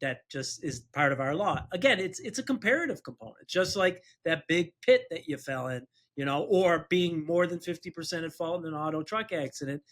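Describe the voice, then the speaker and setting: A man's voice: fairly high pitch, lively intonation, fairly quick, few pauses, a bit bright. A man who is a personal injury attorney co-hosting a podcast, telling an anecdote casually, chuckling through it and acting out the voices of people he quotes.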